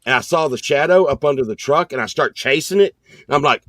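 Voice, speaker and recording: A man co-hosting a podcast, telling stories in an animated, rambling way. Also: on the high side, brisk, no echo. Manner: animated storyteller, excited and rambling. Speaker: podcast co-host. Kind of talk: casual storytelling chat.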